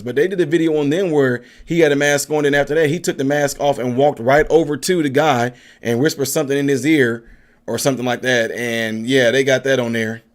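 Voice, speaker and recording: A man hosting a casual political livestream, chatting loosely and answering viewer comments. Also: medium pitch. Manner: chatty, laughs often, coos at his dog in a soft baby-talk voice.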